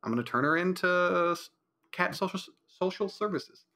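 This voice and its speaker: A man's voice: high-pitched, lively intonation, moderate pace, bright, forceful tone. A man hosting a casual solo podcast from home, talking in a blunt, rambling, opinionated way, with mild profanity and lots of fillers. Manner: frequent fillers and restarts. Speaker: podcast host.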